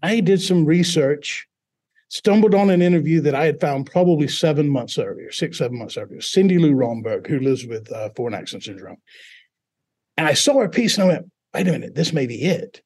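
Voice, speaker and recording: Husky higher-voiced man telling a story. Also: brisk. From Mississippi, US. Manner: relaxed, anecdotal, self-deprecating. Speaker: teacher and guest. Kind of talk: personal storytelling interview.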